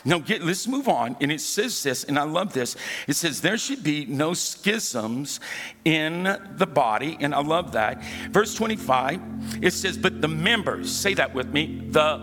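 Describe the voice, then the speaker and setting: A man's voice: a little high, big pitch swings, a little slow, fairly bright tone. A man preaching a sermon in church, calling for responses from the congregation and telling humorous stories. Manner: calls for congregation responses, storytelling, humorous asides. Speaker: pastor. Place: church sanctuary. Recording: hall reverb with faint music.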